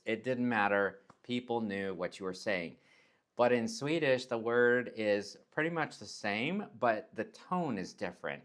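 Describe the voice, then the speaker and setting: Chatty man, low voice. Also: measured pace. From Texas, United States. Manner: chatty, demonstrates pronunciations with exaggerated tones. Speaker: nurse vlogger. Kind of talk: casual explanatory vlog.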